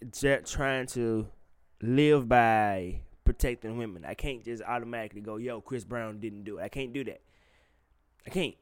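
A man's voice: mid-range voice, clear, resonant tone, no echo. A man hosting a podcast in casual chat, blunt and profane, talking straight to his listeners. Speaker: podcast host.

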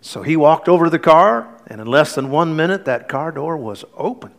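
A man's voice: fairly high pitch, lively intonation, a little fast, creaky. Earnest middle-aged male pastor preaching. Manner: storytelling, earnest with light humor. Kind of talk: sermon.

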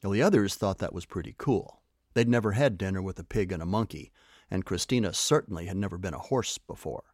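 A man with a low voice reads a children's story aloud, animated and lively in his storytelling. The sound is close and dry. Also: a little fast, dry recording.

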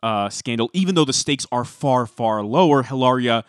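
A man co-hosting a podcast, chatting casually and telling stories with animated emphasis. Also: medium pitch, normal speed, smooth, no echo, clean studio sound. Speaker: podcast co-host.

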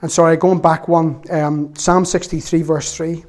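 A man's voice: on the high side, flat delivery, measured pace, a little mellow. A man preaching a sermon, reading scripture aloud with earnest feeling and a self-mocking sense of humor.

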